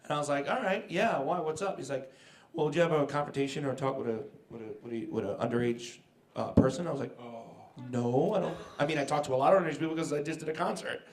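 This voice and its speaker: A man's voice: on the high side, fast. A man in his forties, a celebrity guest on a convention panel, telling stories with laughs and acted-out quotes. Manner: animated, laughing storyteller who acts out quotes. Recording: echoey convention hall.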